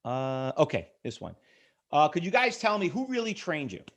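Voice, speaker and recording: A man's voice: a little high, wildly swooping pitch, normal speed. A middle-aged man teaching day trading on a live webinar, selling hard with rhetorical questions and calling on viewers by name. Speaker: trading instructor. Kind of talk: live webinar sales pitch.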